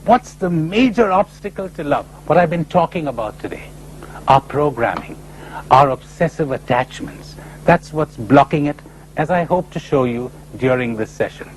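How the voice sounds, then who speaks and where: A man's voice: moderate pace, slight background noise, rough recording. A man giving a spiritual lecture, telling stories and jumping into characters' voices. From India. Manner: animated storyteller, voices characters with sudden high pitch jumps.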